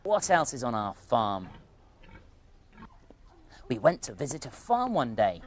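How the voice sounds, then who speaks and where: A woman presenting a children's TV show, narrating in a gentle sing-song and praising the children by name. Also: extremely low pitch, sing-song, measured pace, slight background noise.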